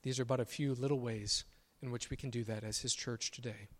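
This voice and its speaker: A pastor preaching a sermon, emphatic on his declarations and softer on quiet asides. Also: medium pitch, steady tone, fairly quick. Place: church sanctuary. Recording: long church reverb.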